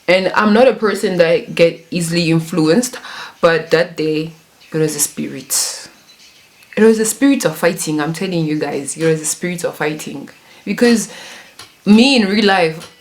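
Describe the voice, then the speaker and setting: A woman's voice: on the low side, a little hiss or hum. A woman in her twenties telling a casual story, chatty and self-mocking, laughing often. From Congo and South Africa. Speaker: YouTuber.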